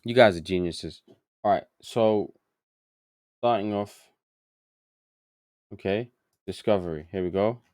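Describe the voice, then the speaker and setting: A man streams a game live, his low voice recorded dry and close. He mutters through his confusion, reads bits aloud and talks casually with his viewers. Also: a little slow, pauses often, darkish tone, no room sound. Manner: muttering to himself, easily confused, chatty with chat. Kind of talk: live gameplay commentary.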